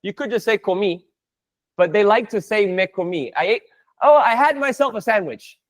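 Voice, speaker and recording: A man's voice: sits high, animated, moderate pace. A man teaching a live online Spanish class, playful and chatty, breaking down jokes and phrases for his students.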